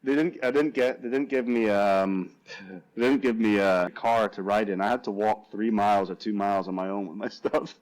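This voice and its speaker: A man's voice: on the low side, normal speed, low-quality recording. A young Scottish man, a football punter and guest, telling stories in a casual chat, laughing often and acting out what others said. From Scotland. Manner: animated storyteller, laughs often, acts out quotes.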